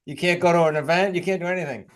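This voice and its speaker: A man, a guest talking bluntly and quickly about his work in an interview. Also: a little high. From New England. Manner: fast, blunt, rapid-fire. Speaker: guest, real estate educator. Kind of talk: casual interview talk.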